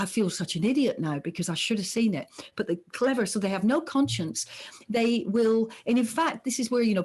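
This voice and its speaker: A middle-aged woman, a psychologist, explaining ideas in a conversational podcast interview and acting out the voices she quotes. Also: mid-range voice. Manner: animated, acts out quoted voices. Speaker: psychologist guest.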